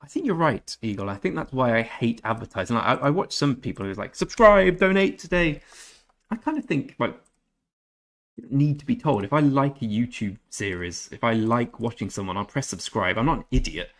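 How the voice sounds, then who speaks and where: This gaming streamer has a mid-range voice and lively intonation. In a casual live-stream chat, he reads and answers what viewers write, attempting German in a halting way.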